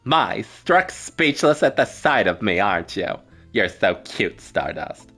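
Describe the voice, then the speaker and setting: A smug, all-knowing star creature who teases and drags its words out slowly, as a man puts it on. The voice sits a little low but swings widely in pitch, with faint music behind it. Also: lively intonation, natural voice. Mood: teasing. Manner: playful, smug, drawn-out. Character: teasing, all-knowing star being, nonbinary.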